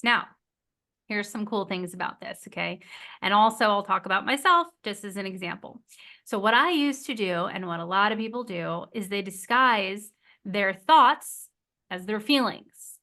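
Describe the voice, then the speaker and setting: A woman therapist explaining relationship skills in a podcast interview, animated and acting out quoted lines. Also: mid-range voice, moderate pace. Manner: animated, acts out quoted voices of clients. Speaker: marriage and family therapist guest.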